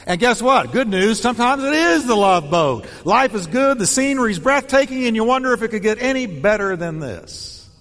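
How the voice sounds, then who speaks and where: A male pastor delivering a sermon in an animated, punchy style, hammering home short repeated phrases. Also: very high-pitched, normal speed, hardly any pauses, long reverb tail.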